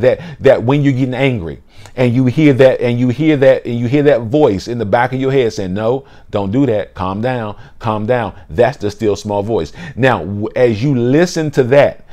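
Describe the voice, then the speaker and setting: A man preaching a sermon, full of restarts and repetitions, often dropping into a soft lowered voice to act out an inner voice.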